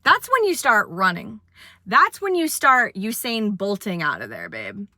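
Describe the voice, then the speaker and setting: A woman's voice: medium pitch, huge pitch swings, unhurried, bright, forceful tone, dry recording, studio quality. A young woman in her twenties telling a funny dating story in casual chat, with dramatic retelling and sudden acted quotes.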